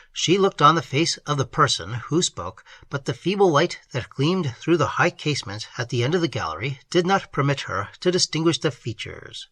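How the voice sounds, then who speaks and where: Expressive male audiobook narrator. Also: mid-range voice, moderate pace, few pauses, husky, no room sound. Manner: expressive, dramatic reading. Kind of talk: gothic novel reading.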